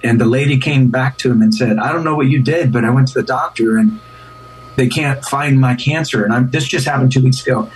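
A man's voice: mid-range voice, brisk, slightly rough, far from the mic, poor audio. A man who is a pastor, speaking as a guest in an earnest, casual interview, often repeating and restarting words.

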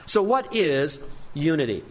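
A man's voice: fairly high pitch, big pitch swings, measured pace. Earnest man preaching a sermon. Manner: earnest preaching with emphatic rises. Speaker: pastor.

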